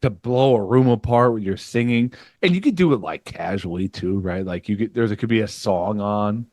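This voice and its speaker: A man's voice: on the low side, animated, normal speed, darkish tone, no echo. A man hosting a podcast in casual chat, loose and joking with crude humor. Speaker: podcast host.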